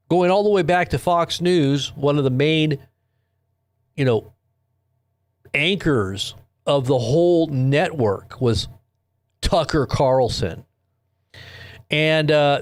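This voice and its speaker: With no echo on the audio, a man of medium pitch hosts a late-night live news stream using his own desk microphone. He keeps it loose, chatting with viewers, reading their comments, and rambling through stories.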